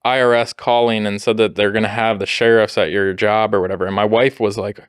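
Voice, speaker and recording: A man's voice: on the low side, level tone, fairly quick, smooth, dry recording, clean studio sound. A man co-hosting a podcast in casual chat, explaining things at length and laughing often. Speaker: podcast co-host.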